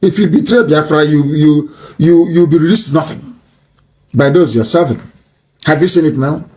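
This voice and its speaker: A man delivering an impassioned, mocking political tirade that rises to shouts. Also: fairly high pitch, moderate pace. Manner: mocking, scornful, rising to shouts.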